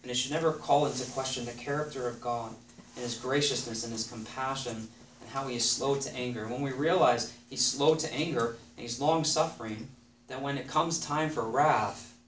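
A man's voice: mid-range voice, moderate pace, fairly bright tone. Earnest male preacher in an echoey room. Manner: earnest, repeats phrases for emphasis, reads scripture aloud. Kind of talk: sermon. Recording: echoey room, voice somewhat far from the mic, faint background noise.

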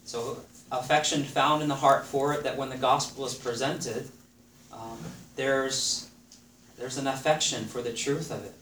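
A man's voice: mid-range voice, steady tone, measured pace, a bit bright. A man preaching a sermon in an earnest way, repeating phrases for emphasis and reading scripture aloud. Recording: echoey room, voice somewhat far from the mic, faint background noise.

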